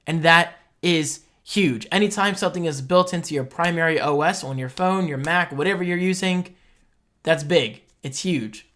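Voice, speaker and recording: A young man talking casually in a tech reaction vlog, excitable and quick to get loud and heated. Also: a little high. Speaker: tech vlogger.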